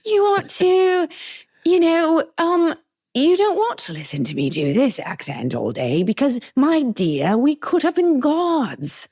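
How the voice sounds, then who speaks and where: Brief: grandiose posh British villainess with a flashy put-on accent, played by a woman, swooping lively melody, dry close sound. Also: high-pitched, takes it slowly, dry recording, pitched above the performer's own voice, exaggerated voice. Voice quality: exaggerated, sing-song swoops. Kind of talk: mock villain impression in casual chat.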